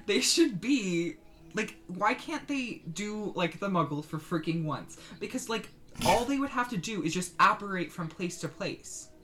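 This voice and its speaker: A young woman with a Southern California accent, co-hosting a podcast in casual, animated chat, saying "like" a lot and sounding exasperated. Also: mid-range voice, a little slow. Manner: animated, exasperated, heavy use of "like". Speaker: podcast co-host.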